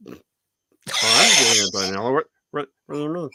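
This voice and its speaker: A man talking as a guest in a casual conversation, lively and chatty with frequent self-corrections. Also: mid-range voice, unhurried, creaky, long pauses, dry recording.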